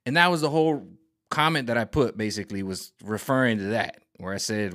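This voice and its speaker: A man ranting casually to camera as a vlogger, animated and exasperated. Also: mid-range voice, a little fast, no room sound, studio quality. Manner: animated, exasperated, jumps into quoted voices. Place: home room set up for streaming.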